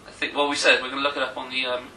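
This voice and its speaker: Englishman co-host, quick and ribbing, bright forceful voice, echoey room, mic set back. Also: medium pitch, monotone, slight background noise. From England. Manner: teasing, interrupting, laughing. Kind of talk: casual chat. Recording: roomy echo, mic at a distance.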